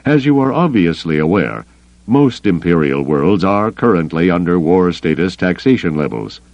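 A man voicing a cold, calculating grand admiral who speaks in a measured, controlled way. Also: sits low, lively intonation, a little mellow, dry recording, dull audio. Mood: coolly commanding.

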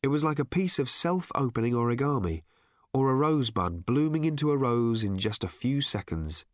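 A man narrating a story aloud in a wry, measured way. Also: mid-range voice, animated, no room sound, studio quality. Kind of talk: audiobook narration.

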